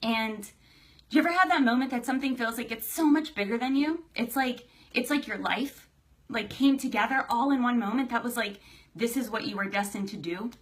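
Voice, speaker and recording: A woman's voice: fairly high pitch, brisk. A young adult woman hosting a casual live stream, chatty and emotional, greeting viewers by name. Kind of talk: casual livestream chat.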